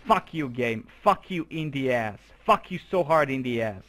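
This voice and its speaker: A man's voice: medium pitch, expressive, moderate pace, fairly bright tone, soft background music. A young man giving profane, exasperated running commentary while playing a strategy game. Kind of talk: let's play commentary.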